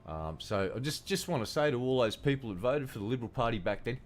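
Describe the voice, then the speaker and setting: A man's voice: medium pitch, expressive, fast, slight background noise. A man with an Australian accent giving casual, profane, ranting commentary while streaming a game.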